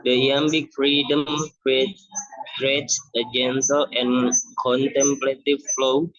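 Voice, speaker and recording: Halting young man presenting class work. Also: medium pitch, level tone, fairly bright tone, dry recording. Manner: halting, restarts words often. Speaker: student presenter. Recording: dull lo-fi recording.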